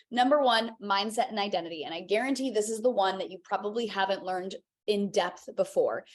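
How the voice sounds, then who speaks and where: A young woman leading a live online health coaching session, energetic and encouraging, checking in often with her viewers. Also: mid-range voice. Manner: energetic, encouraging, casual with frequent "okay?" check-ins. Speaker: health and weight loss coach.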